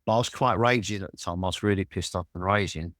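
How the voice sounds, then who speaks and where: A London man in his sixties telling lively stories as a guest in an interview, swearing freely. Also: sits low, fast talker, no echo, clean studio sound. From Walthamstow, London.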